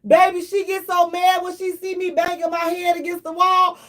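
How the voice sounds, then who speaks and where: A woman hosting a radio talk show in a lively, playful storytelling manner. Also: extremely high pitch, normal speed. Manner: animated, playful, slips into mock prayer and acted quotes.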